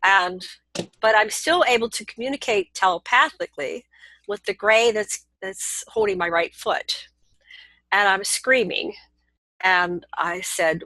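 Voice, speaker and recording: Older lady rambling thru her story, lively and laughing, dry close mic. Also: mid-range voice, no room sound, poor audio. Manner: lively, laughing, quick asides and restarts. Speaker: interview guest recounting experiences. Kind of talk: animated personal storytelling.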